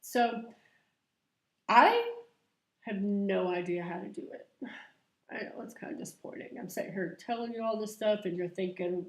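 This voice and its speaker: This middle-aged vlogger's medium-pitched voice is animated, with a moderate pace and frequent pauses. She laughs a lot while chatting confessionally to camera from an echoey room at home.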